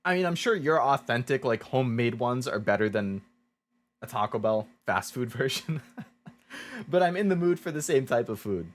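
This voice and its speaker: A man's voice: medium pitch, lively intonation, moderate pace. A male streamer chatting casually while playing a game, rambling with lots of "like"s.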